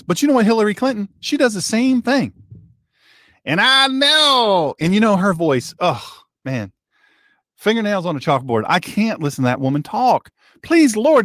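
Male political talk host, sarcastic and heated, animated pitch, dry close sound. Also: dry recording. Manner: heated, sarcastic, repeats himself. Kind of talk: political commentary monologue.

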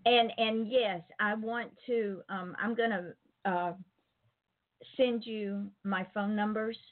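A woman's voice: medium pitch, fairly even intonation, takes it slowly. A woman with a Southern US accent hosting a casual talk show, chatty and emphatic, repeating words for emphasis. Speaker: host. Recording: phone-line call-in show audio.

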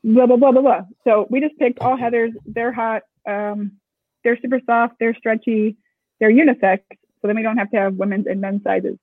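A woman co-founder of a screen printing shop, talking briskly and casually in an interview, with joking asides. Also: on the high side, fairly even intonation, dry recording. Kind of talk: casual explanatory interview talk. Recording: tinny phone-like audio, dry.

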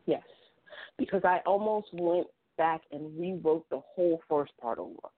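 A woman author chatting as a guest, an animated storyteller who acts out the dialogue in her stories. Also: fairly low pitch, moderate pace, no room sound. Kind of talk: casual chat. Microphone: phone. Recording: phone line.

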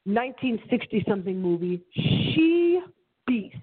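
A woman's voice: expressive, moderate pace. Dramatic woman radio host on a phone line. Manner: dramatic, theatrical delivery with big pitch swings. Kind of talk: solo radio show monologue.

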